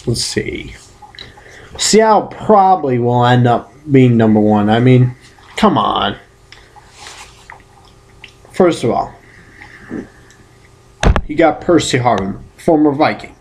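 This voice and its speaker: Slow-talking casual man vlogging. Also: mid-range voice, expressive, a little mellow, slight background noise. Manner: rambling, self-correcting, with playful exclamations. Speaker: vlogger giving football predictions. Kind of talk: casual solo vlog.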